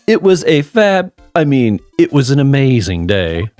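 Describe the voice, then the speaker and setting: A man's voice: mid-range voice, big pitch swings, measured pace, darkish tone, soft background music. A man voicing a flamboyant, vain male star magician who drawls his lines in a showy, self-admiring way. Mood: smug flirty.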